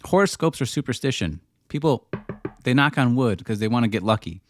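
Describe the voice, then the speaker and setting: A man's voice: medium pitch, animated, a little fast, no room sound. A man hosting a casual livestream Q&A, talking through chat questions in a rambling way that drifts into rants, with frequent restarts. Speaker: livestream host answering chat.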